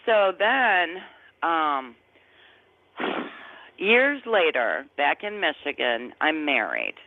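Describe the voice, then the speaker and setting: Extremely slow and sing-song, a low-pitched woman in her fifties tells her personal testimony as a guest in conversation. Earnest and emotional, she often gropes for words. The audio is a dry, tinny, phone-like line.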